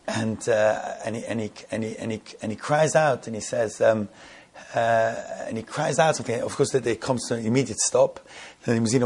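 A man telling a story in a sermon, halting and repeating words, building to emphatic questions. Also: mid-range voice, darkish tone, slightly rough.

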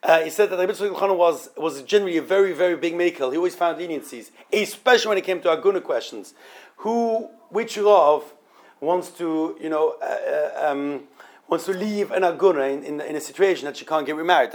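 A man teaching an informal Torah study class, halting and often repeating words as he explains. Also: fairly high pitch.

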